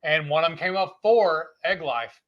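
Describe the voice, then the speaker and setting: A man's voice: on the high side, expressive, normal speed, lo-fi sound. Laid-back man cooking on a live stream. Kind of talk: casual live cooking chat.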